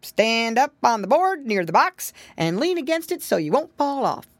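A woman voicing a kindly old male goat gentleman in a storybook, giving patient instructions. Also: on the high side, sing-song, moderate pace, no room sound, voice pushed up. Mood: instructive.

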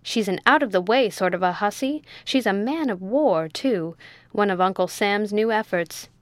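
A woman's voice: mid-range voice, animated, normal speed, no echo, lightly acted. Woman reading as a blunt old-school sea captain, exclamatory, dry close sound. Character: gruff blunt male ship captain.

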